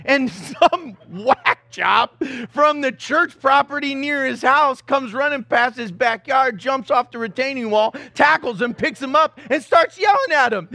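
A middle-aged man preaching a sermon, telling a story in an animated, self-mocking way and acting out the scenes. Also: extremely high pitch, measured pace, creaky, few pauses. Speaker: pastor.

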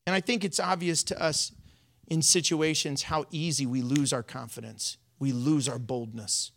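A pastor giving a sermon in a playful, animated way, often breaking into laughter while explaining scripture. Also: mid-range voice, moderate pace, vocal fry.

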